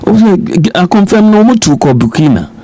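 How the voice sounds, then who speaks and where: This middle-aged man has a Ghanaian accent and a high, very animated voice that is mellow, with a little hiss or hum in the recording. Appearing as a politician guest on a radio interview, he speaks at a moderate pace, emphatically repeating his points and mixing in Twi.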